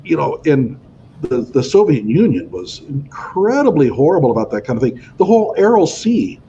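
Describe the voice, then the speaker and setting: A man with a slightly higher-pitched voice makes emphatic, opinionated points in a casual discussion. The audio is dull and lo-fi. A faint hiss sits behind it. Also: very animated, normal speed, dark tone.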